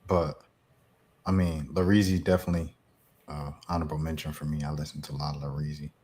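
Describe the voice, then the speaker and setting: A young man with a very low voice joins a podcast chat. He tosses out quick asides that trail off softly as he finishes them. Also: little pitch movement. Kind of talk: casual chat.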